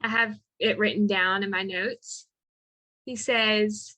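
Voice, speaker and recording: A woman co-hosting a podcast, recapping a film in casual chat and reading its lines aloud with lively inflections. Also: mid-range voice, slow pace. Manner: reads quotes aloud with lively acted inflections. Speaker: podcast co-host.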